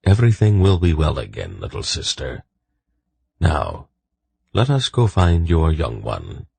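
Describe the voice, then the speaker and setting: Man voicing a decisive old pack-leader wolf, slow and raspy. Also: rumbling low, huge pitch swings, darkish tone, dry recording, full character voice. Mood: commanding. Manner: commanding, dry, decisive.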